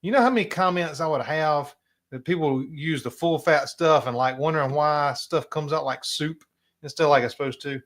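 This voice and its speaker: A middle-aged man with a South Carolina accent hosting a casual live stream, chatty and drawling, often clearing his throat. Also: on the high side, normal speed, fairly bright tone. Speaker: host.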